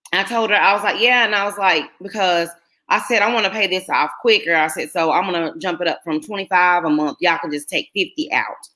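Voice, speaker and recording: A woman's voice: on the low side, bright, forceful tone. A middle-aged woman, chatting casually with viewers on her live stream and telling rambling stories full of fillers. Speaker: YouTuber hosting a live stream.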